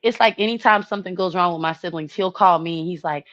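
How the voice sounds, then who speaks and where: Animated woman chatting. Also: on the low side, fast, dry recording, dull audio. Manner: animated, laughing, acts out relatives' voices. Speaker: host. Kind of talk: casual chat.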